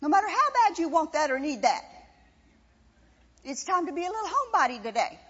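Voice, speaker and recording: A woman's voice: very high voice, big pitch swings, fairly quick, fairly bright tone. A woman preaching a sermon with impassioned, emphatic repetition. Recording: dull sound with long reverb in a hall.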